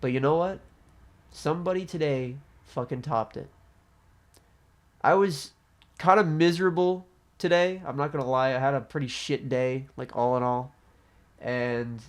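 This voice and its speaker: A young man venting about a shift at work in a loose, rambling storytime rant. He swears constantly and loses his thread with fillers, at an ordinary middle pitch. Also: unhurried, long pauses. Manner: profane, rambling, frequent fillers. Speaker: vlogger.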